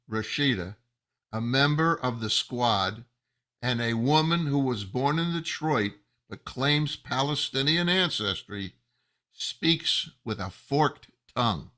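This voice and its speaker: Give me a man with a sharp, forceful voice delivering a slow, angry commentary. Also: mid-range voice. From United States. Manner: angry, emphatic, slow, rising to outbursts. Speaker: rabbi. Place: New Jersey.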